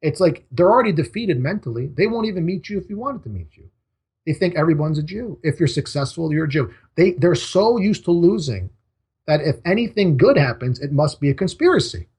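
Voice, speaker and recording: A man speaks as a guest in a casual interview. His voice is husky and sits a little high. He talks emphatically, in short punchy sentences. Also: expressive, a little fast, a little mellow.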